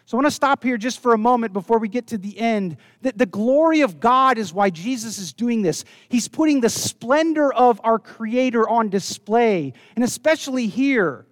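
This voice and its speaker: A man preaching a sermon, earnest, dropping low and soft when he quotes scripture. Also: no room sound, clean studio sound. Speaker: pastor.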